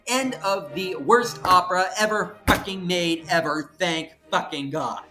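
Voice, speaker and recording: Snarky guy in his 30s ranting abt an opera, swears a lot, lots of uhs, slightly high voice. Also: expressive, a little slow, bright, forceful tone, faint music behind. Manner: snarky and profane, with many hesitant fillers. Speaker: channel host. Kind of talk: opinionated opera summary monologue.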